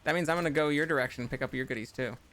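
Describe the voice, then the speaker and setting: A man's voice: a little high, rapid-fire, fairly bright tone. A man chatting casually and laughing while playing a co-op game on stream. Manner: chatty, laughs easily, thinks aloud. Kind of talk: casual gaming chat.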